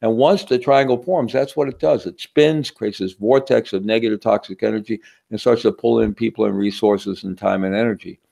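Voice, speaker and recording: A fairly low, dark voice with vocal fry carries this man's teaching talk at a fairly quick clip. The workshop speaker stays conversational and keeps checking in with listeners, often asking "right?"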